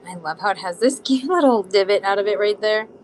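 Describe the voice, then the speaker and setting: A woman's voice: mid-range voice, brisk, slight background noise. Bubbly socal woman in her 30s chatting to viewers while selling beads live, easygoing. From Southern California. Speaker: live shopping seller. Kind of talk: casual live-stream selling chat.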